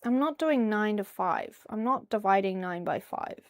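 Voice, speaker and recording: This young New Zealander has a mid-range voice with lively intonation and speaks at normal speed. She rambles chattily on a livestream while tidying her bedroom, humming and singing nonsense syllables to herself.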